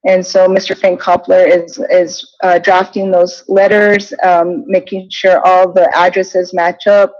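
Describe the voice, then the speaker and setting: Halting woman giving a council report. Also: on the low side, little pitch movement, darkish tone. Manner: halting, with frequent ums and restarts. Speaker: village staff presenting a project update. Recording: dull lo-fi meeting audio.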